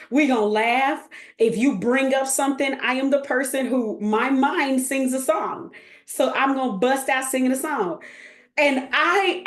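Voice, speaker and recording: A woman's voice: sits high, roomy sound. A woman, chatting casually as a coach, goofy and full of laughter. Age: 30s. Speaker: host and coach. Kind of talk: casual livestream chat.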